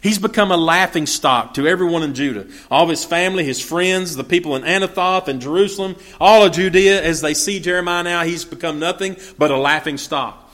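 A man leads a verse-by-verse Bible study in a fairly high, bright and forward voice. He reads a passage and then walks through it in plain, homespun talk. He often stops to restart his sentences and uses many fillers. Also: a little fast, few pauses. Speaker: Bible teacher.

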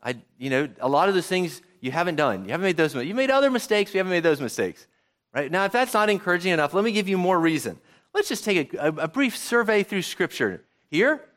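A man's voice: sits high, big pitch swings, quick pace, fairly bright tone. A man preaching a sermon in church, asking his congregation a run of rhetorical questions. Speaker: pastor.

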